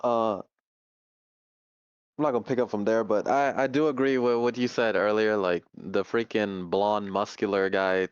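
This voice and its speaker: A man with a low, smooth voice answers in a hesitant, laid-back way. The sound is dry and dull, like a cheap lo-fi mic. He sounds like a co-host chatting casually. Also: fairly even intonation, moderate pace, dry recording. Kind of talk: casual chat.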